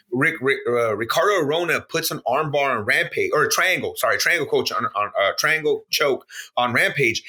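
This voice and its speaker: A man co-hosting a podcast in casual chat, excitable, swearing a lot and acting out movie scenes in little voices. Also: medium pitch. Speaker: podcast co-host.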